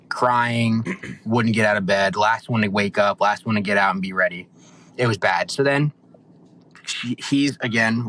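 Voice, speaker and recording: A young man on a podcast, excitedly recapping a reality show in a rambling, animated way. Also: lowish voice, a little hiss or hum, poor audio. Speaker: podcast co-host.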